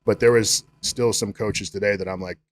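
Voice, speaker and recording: A middle-aged man with a fairly low voice, chatting on a podcast as a guest. He rambles from story to story and swears freely, loose and unpolished. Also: steady tone, moderate pace, a little hiss or hum. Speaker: guest, strength coach. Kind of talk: casual podcast chat.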